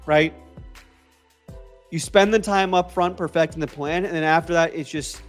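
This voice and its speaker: Speaking at a moderate pace with long pauses, a man hosts a relaxed coding livestream, his slightly high voice carrying a mix of New York and Boston accents. He's cheerful and loose, repeats himself and answers viewers over faint lo-fi music.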